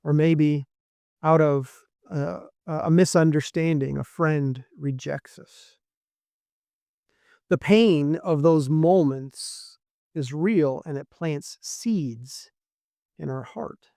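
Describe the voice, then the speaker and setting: A man preaching a sermon as pastor, in a slow, measured delivery with frequent pauses. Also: on the high side, creaky, mellow, dry recording, studio quality.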